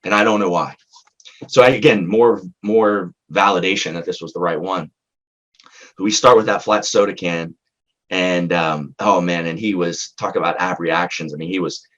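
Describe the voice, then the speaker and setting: A male psychologist with a deep, slightly raspy voice tells a case story in conversation. He speaks haltingly and earnestly, often starting sentences over. The recording sounds a little muffled and lo-fi. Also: fairly bright tone. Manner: halting, earnest, with frequent restarts. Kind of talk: recounting a therapy case in conversation.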